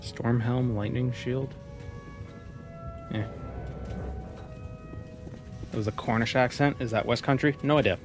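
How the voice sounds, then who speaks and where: A man's voice: medium pitch, fairly even intonation, unhurried, long pauses. A man streaming a game, chatting casually and reacting aloud to what happens on screen. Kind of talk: casual gameplay commentary. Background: game music.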